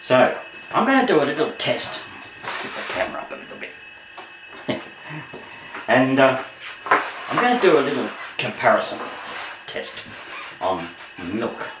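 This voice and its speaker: A man's voice: medium pitch, wildly swooping pitch, moderate pace, pauses often, noisy background. An Australian man vlogging in a casual, rambling way, chuckling often and losing his thread. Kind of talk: casual chat to camera.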